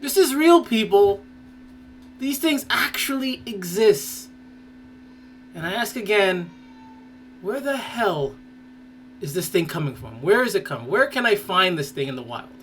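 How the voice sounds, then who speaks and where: A woman's voice: medium pitch, expressive, measured pace, pauses often, a little hiss or hum. A woman hosting a podcast, giving casual reaction commentary in a mocking, exclaiming way and laughing in disgust. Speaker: podcast host.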